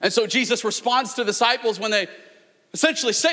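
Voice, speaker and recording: Pastor, male, 30s, high bright voice, lively storyteller, reverberant church hall. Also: a little fast. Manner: animated storytelling, rising to near-shouts. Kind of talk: sermon.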